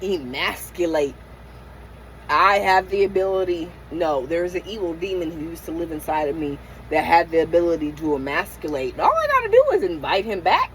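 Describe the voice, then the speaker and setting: A woman's voice: lowish voice, animated, a little fast, a little hiss or hum, rough recording. Middle-aged woman venting raw and profane. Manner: raw, emotional, profane venting with many restarts. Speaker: van-life vlogger. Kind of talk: candid late-night vlog rant. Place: inside her parked van.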